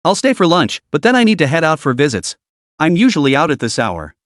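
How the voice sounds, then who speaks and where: Brief: warm, soft-spoken young lawyer, read by a male narrator, dry sound. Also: a little high, sing-song, brisk, dry recording. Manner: speaks softly.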